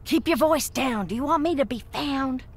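A woman's voice: sits high, normal speed. A woman voicing a distrustful young woman who hides in a crypt in a video game, curt and scolding. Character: hostile secretive young woman hiding in crypt.

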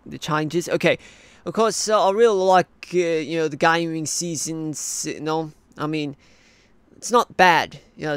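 A man's voice: fairly high pitch, smooth, dry recording, natural voice. A man voicing a rambling adult male cartoon interviewee with an Australian accent, full of fillers and restarts, in a hobby cartoon.

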